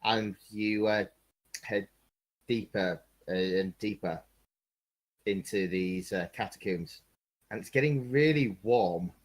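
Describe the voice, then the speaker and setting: A man's voice: lowish voice, slow pace, pauses often. A man narrating as game master of a tabletop game, hesitant with many ums and restarts.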